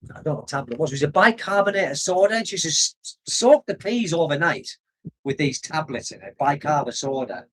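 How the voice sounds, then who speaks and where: A man's voice: on the high side, a bit bright, breathy edge. An older British man living abroad, chatting casually on a livestream, rambling nostalgically and laughing often. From United Kingdom. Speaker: expat vlogger reading live chat. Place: home in the Philippines.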